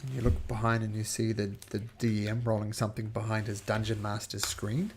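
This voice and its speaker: A man narrating a tabletop roleplaying game as dungeon master in a relaxed, conversational way. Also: on the low side, fairly quick, a little hiss or hum.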